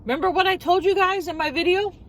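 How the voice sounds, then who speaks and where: A middle-aged woman vlogger tells a story while eating, animated and incredulous, firing off rhetorical questions. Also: very high-pitched, fast, poor audio.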